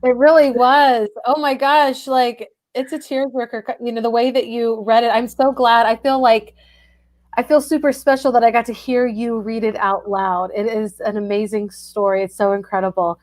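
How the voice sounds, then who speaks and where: A woman host reacts to a reading with warm, gushing enthusiasm in a relaxed conversational way. Her voice sits a little higher than most. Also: moderate pace. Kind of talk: casual video chat.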